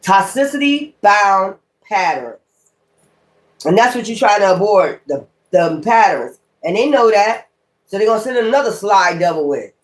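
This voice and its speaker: A woman's voice: mid-range voice, big pitch swings, normal speed. A woman tarot reader talking straight to her viewers in a blunt, heated rant full of cursing. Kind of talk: casual profane rant to viewers.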